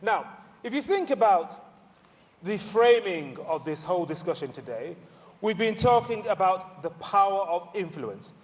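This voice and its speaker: A man moderating a conference panel on stage, lively and playful with theatrical emphasis. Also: high-pitched, a little slow. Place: large conference hall. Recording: reverberant hall.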